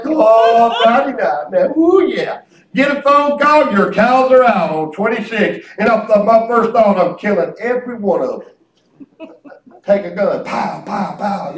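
A man preaching a storytelling sermon, animated and exclamatory, often breaking into laughter. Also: very high voice, a little hiss or hum. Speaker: pastor. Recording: roomy hall, mic at a distance.

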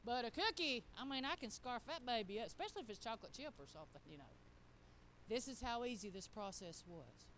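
A middle-aged woman, preaching in an animated, folksy storytelling style. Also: on the high side, fast talker, slight background noise. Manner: animated, folksy, acts out quotes. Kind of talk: storytelling sermon.

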